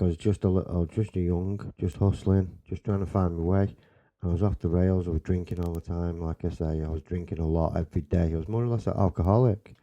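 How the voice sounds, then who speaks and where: A man's voice: sits low, dark tone, lo-fi sound. A man from Salford with a Manchester accent, hosting a podcast and telling a rambling, sweary personal story in a casual way. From Salford, England. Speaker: podcast host.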